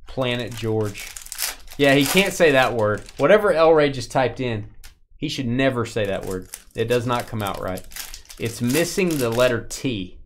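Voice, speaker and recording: A young man hosting a live sports card break, talking at an everyday middle pitch. He banters and teases in a loose, chatty way and then loudly calls out each player name as the cards come up. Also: animated, a little slow, slight background noise.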